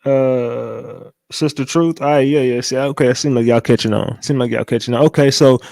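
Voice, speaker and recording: A man's voice: mid-range voice, steady tone, moderate pace, gravelly, no echo. Chatty man hosting a livestream. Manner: loose and chatty, repeats catchphrases, shouts out viewers. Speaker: livestream host. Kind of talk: casual livestream commentary.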